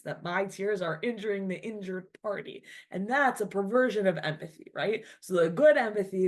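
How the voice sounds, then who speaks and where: A woman teaching classical texts in a conversational lecture, thinking aloud with frequent "right?" and "like", and reading Hebrew and Aramaic phrases before translating them. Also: fairly low pitch. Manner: thinks aloud, checks in with "right?" and fills pauses with "like" and "um". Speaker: Torah teacher. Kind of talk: conversational text-study lecture.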